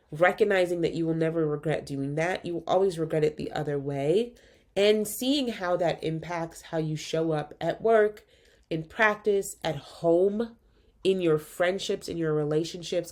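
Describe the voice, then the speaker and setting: A woman's voice: sits low, a little mellow. A woman hosting her own podcast, congested with a cold, talking candidly and informally about rest and burnout. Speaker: podcast host and physician coach. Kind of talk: casual solo podcast talk.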